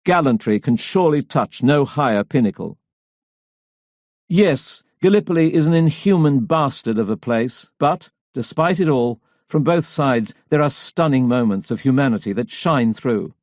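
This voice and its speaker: A man narrates a history audiobook in a measured, dramatic reading. His voice sits at a middle pitch. The sound is dry and close to the mic. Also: animated, darkish tone, no echo. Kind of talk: scripted narration.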